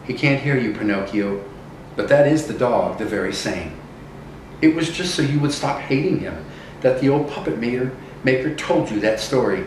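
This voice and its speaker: A man voicing a kind female fairy godmother with silver wings, who asks questions in a gently insistent way. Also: mid-range voice, expressive, moderate pace, a little hiss or hum, natural voice. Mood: probing. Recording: echoey room from a distance.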